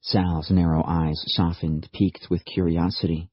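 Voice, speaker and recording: Deep, husky male audiobook narrator. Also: dry recording. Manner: steady, measured storytelling. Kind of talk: scripted narration. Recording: dry, slightly dull audiobook recording.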